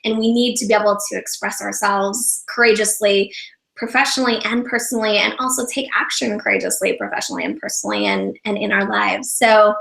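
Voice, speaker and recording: A woman's voice: mid-range voice, steady tone, a little fast, creaky, a bit bright. A woman guest in an interview, talking earnestly and often repeating words as she starts a thought. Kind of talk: casual interview talk. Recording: roomy echo.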